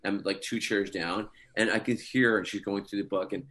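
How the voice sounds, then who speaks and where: A middle-aged man, a guest actor, telling funny behind-the-scenes stories in a casual, animated way and chuckling often. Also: lowish voice, fairly quick.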